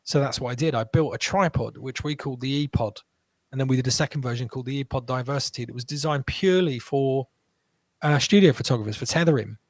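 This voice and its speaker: Animated man telling stories. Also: medium pitch, dry recording. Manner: animated, quick restarts, acts out quotes. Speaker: guest entrepreneur. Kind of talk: casual interview storytelling.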